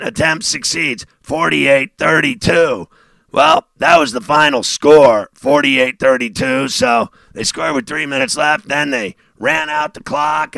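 Sarcastic gravelly sports talk man. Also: dry recording. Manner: sarcastic, mocking, swings from low mutter to loud outbursts. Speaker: sports radio host.

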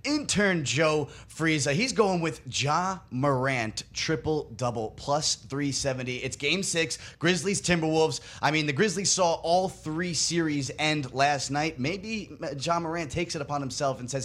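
A man's voice: on the high side, expressive, moderate pace, hardly any pauses, fairly bright tone. A man hosting a sports betting segment, upbeat, walking listeners step by step through his picks. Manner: upbeat, explains bets step by step. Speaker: producer and segment host.

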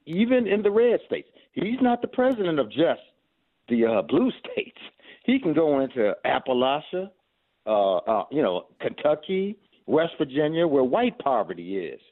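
Earnest male caller over a tinny phone line. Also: medium pitch. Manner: earnest, urging, stumbles at phrase starts. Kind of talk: call-in radio talk.

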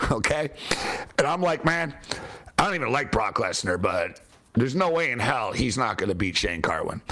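A man telling a story in casual chat, animated and laughing as he talks, with some swearing. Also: a little high. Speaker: podcast guest telling a story.

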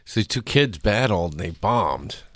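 A man's voice: low voice, expressive, normal speed, a bit bright, no echo, clean studio sound. A middle-aged man, a guest comedian, telling a story on a casual podcast and acting out both sides of it.

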